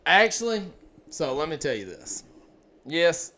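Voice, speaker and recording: A man co-hosting a podcast, talking casually and haltingly as he starts a story. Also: a little high, sing-song, sharp tone. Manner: hesitant, halting delivery. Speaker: podcast co-host. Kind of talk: casual chat.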